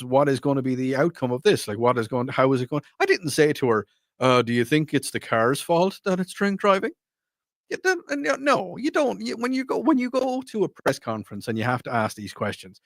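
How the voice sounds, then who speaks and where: A man's voice: mid-range voice, no echo, clean studio sound. A middle-aged Irish man hosting a casual radio talk show, rambling and restarting his sentences. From Ireland. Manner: rambling, animated, frequent restarts. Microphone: studio microphone.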